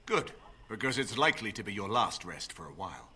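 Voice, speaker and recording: An actor playing an older nobleman who speaks in a formal, measured, courteous way. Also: on the low side, very animated, a crowd in the background. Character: older male noble lord, grave and measured.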